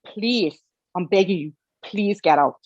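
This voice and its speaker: A woman's voice: medium pitch, a little slow, darkish tone, no room sound. Woman sharing her story, tearful and pleading, keeps repeating lines, dry sound, kinda dull audio. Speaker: interview guest. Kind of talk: emotional personal story.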